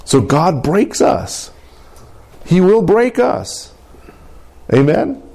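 A man preaching a sermon in an animated call-and-response manner, often asking for an amen and laughing. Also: high-pitched, extremely slow, creaky. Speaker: pastor.

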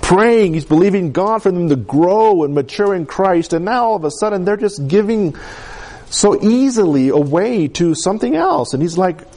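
A man preaching a sermon in an animated way, acting out the voices of the people he quotes. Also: high voice, normal speed.

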